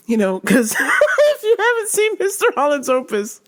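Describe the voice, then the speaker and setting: A woman's voice: sits high, normal speed. A woman hosting a podcast, telling a funny story in casual chat, laughing constantly and swearing freely. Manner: laughs constantly, profane, animated. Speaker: podcast host.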